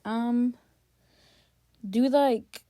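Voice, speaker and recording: A woman's voice: a little high, fairly even intonation, drawn-out words, dark tone, no echo, studio quality. A young woman giving casual gameplay commentary, chatty and exasperated, talking straight to her viewers. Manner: chatty, exasperated, talks to chat. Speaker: gaming vlogger.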